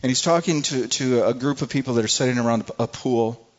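A man preaching a sermon to a congregation with passion, swinging from soft, low moments to loud, high pleas and often repeating words. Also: fairly quick, muffled recording. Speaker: pastor.

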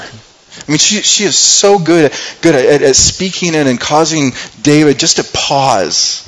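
Male pastor, mid-pitched, earnest sermon delivery, casual paraphrase. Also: moderate pace, fairly bright tone, low-quality recording. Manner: earnest, paraphrasing scripture in everyday speech, frequent restarts.

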